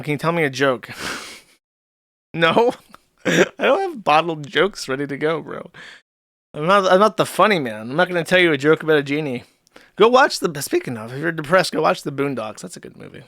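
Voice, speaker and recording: The livestream host, a man whose voice is on the high side with a sharp tone, chats casually and reads donation messages with offhand sarcasm and quick laughs. It's recorded at studio quality without room sound.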